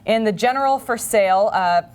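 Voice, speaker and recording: A woman's voice: mid-range voice, normal speed, darkish tone. A young adult woman co-hosting a comedy talk show in casual chat. She teases and laughs often. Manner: playful, teasing, laughs often. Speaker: co-host.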